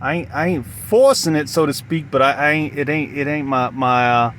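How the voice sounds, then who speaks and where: A sleep-deprived man with a put-on Southern accent rambling to camera outdoors, halting and repeating himself with many restarts. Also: on the high side, fairly bright tone, slight background noise. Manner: halting, repetitive, full of restarts. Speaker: vlogger. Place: outdoors in a parking lot.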